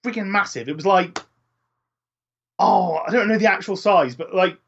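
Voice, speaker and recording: Brit guy with a high husky voice sharing movie trivia, kinda muffled mic. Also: moderate pace, a bit bright. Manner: chatty, trivia-minded, ends points with tag questions. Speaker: podcast co-host. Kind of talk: casual film chat.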